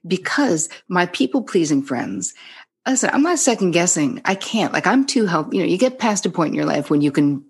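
A middle-aged woman with a New Jersey accent and a low, husky voice chats candidly on a podcast. She tells stories with plenty of swearing and acts out what people said. She speaks as a psychotherapist. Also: very animated, moderate pace. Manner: candid storyteller, swears freely, acts out quoted dialogue. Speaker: psychotherapist guest. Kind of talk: casual podcast conversation.

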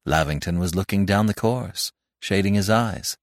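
Male storyteller, low voice, dry close mic, expressive read. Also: moderate pace, few pauses, no echo. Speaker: narrator. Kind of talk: scripted narration.

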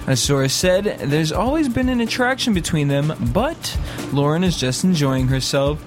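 High, lively man reading gossip news. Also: normal speed, soft background music.

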